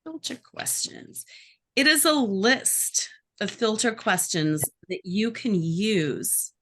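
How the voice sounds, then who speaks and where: A life coach teaching a workshop, lively and acting out the voices she describes. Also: medium pitch, slow pace. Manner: animated, acts out inner voices.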